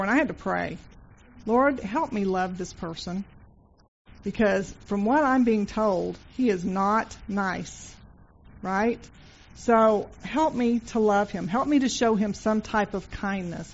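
A woman's voice: mid-range voice, gravelly, a little hiss or hum. Woman, earnest devotional speaker, storytelling style, slightly muffled lo-fi recording. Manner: earnest storytelling, repeats phrases. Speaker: Christian speaker. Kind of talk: informal devotional talk.

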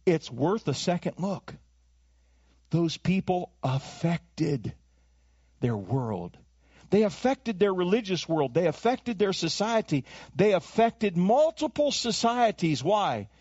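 Animated high-voiced pastor preaching. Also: male voice, slow, slightly rough, no room sound. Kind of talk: sermon. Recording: dull lo-fi dry recording.

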